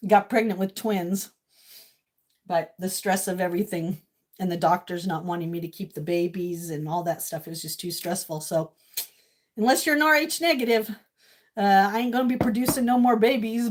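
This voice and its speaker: A woman's voice: mid-range voice, fairly even intonation, normal speed. A woman in her fifties from Maine, hosting a casual livestream from her home kitchen, gushing and emotional as she talks with viewers. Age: 50s. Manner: gushing and emotional, swings between tearful and loud squealing laughter. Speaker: livestream host.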